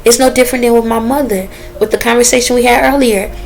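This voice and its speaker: Woman vlogger, slightly high voice, earnest and preachy, addressing viewers as y'all, faint hiss. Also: steady tone, rough recording. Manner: dialect grammar, drawn-out phrasing. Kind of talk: casual direct-to-camera talk.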